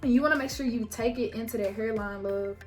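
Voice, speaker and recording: Young woman beauty vlogger, frank storyteller, high voice in an echoey room with soft music under her. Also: fast talker. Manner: animated, swings into loud high-pitched quotes of herself and others; casual and frank, swears freely, chats to viewers as "y'all". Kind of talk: storytime while doing makeup.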